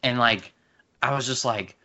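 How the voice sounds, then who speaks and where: A man chatting casually, telling an animated story with quick asides. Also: medium pitch. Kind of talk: casual chat. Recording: dull lo-fi sound.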